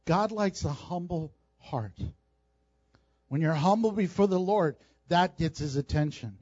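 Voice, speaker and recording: Emphatic high-voiced male preacher. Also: unhurried, darkish tone, no room sound, dull audio. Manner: emphatic, repeats phrases for stress. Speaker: pastor. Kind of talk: sermon.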